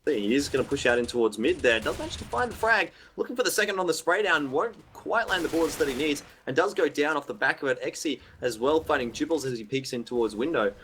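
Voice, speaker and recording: A man calling an esports match play by play in a steady, measured way. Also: on the high side, slight background noise. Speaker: esports caster. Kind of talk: play-by-play commentary.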